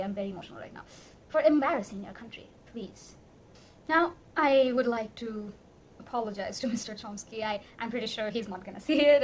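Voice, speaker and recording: A woman's voice: a little high, a little hiss or hum. Impassioned young Bangladeshi woman ranting. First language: Bengali. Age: young adult. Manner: impassioned, pleading, emphatic. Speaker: vlogger. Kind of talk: emotional rant to camera.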